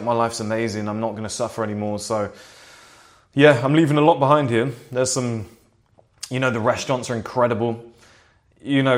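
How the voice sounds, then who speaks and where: A man vlogging casually to camera from his seat at home, rambling, swearing freely and pushing a sales pitch. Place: seated at home in a flat. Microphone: camera in front of him.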